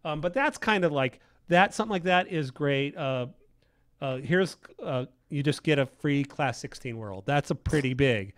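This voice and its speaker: A man who works as a lead game designer chats on a livestream in an animated voice on the high side, at a moderate pace. He is enthusiastic and rambling, restarting his sentences a lot and using many fillers. The recording has no echo.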